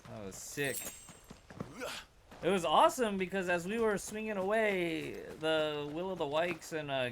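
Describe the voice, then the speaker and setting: A man streaming a video game, commenting casually and excitedly between cutscenes. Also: medium pitch, slight background noise. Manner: excitable, laughing, chatty.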